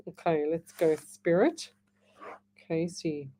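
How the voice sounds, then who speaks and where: Mellow-voiced Australian psychic radio host. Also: female voice, on the low side, takes it slowly. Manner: chatty, laughs easily, reads messages aloud. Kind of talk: live radio call-in readings. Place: radio studio.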